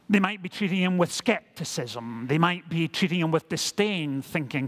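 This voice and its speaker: A man's voice: a little high, animated, moderate pace, hardly any pauses, a bit bright. A male pastor preaching a sermon, full of rhetorical questions.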